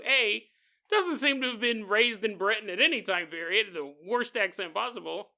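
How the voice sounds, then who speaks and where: Bright-voiced man telling a spooky story. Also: sits high, moderate pace. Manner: jokey asides, casual, digressive. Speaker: podcast host. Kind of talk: comedic storytelling narration.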